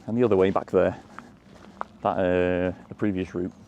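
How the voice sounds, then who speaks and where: This walking tour vlogger ambles outdoors through fields and lanes, chatting casually with rambling asides and chuckles. His low voice is flat and moderately paced, recorded in lo-fi sound with a little hiss or hum.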